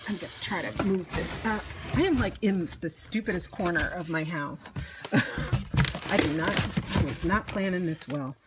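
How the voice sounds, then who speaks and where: A woman's voice: on the low side, normal speed, heavy background noise. A woman vlogging an unboxing at home by a fireplace, giddy and gushing, with gasps and laughter. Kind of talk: casual unboxing chat.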